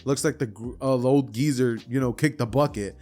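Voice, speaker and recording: A man's voice: medium pitch, brisk, a little mellow, faint music behind, close to an everyday voice. A man voicing a cocky, laid-back teenage boy hero who talks in casual slang. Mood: nonchalant. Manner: slangy, nonchalant.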